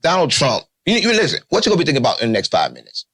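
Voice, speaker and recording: A man talks fast and loose in an interview. His voice sits fairly high and swings widely in pitch. He jokes, swears and keeps circling back to his catchphrases. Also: breathy edge. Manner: animated, swearing, jokey, repeats catchphrases. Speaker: interview guest. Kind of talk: unfiltered street talk.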